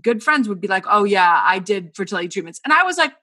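A woman host with a bright, crisp voice asks her guest questions and shares her own story. She speaks in a chatty, empathetic way, at a mid pitch. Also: fast. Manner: empathetic, chatty, uses "like" often. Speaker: podcast host. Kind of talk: conversational interview.

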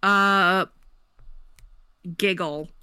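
A young woman co-hosts a podcast in casual chat, tossing out cheeky answers in a slow, deliberate way. Her voice is bright, smooth and fairly high. The sound is dry and close. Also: fairly even intonation, no room sound. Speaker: podcast co-host. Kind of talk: casual chat, word game.

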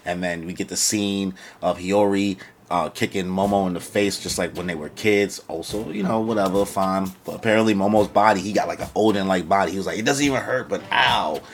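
A man's voice: sits low, fairly even intonation, a little fast. A young man casually reviewing an anime chapter in a slangy, rambling way, often breaking into quoted voices.

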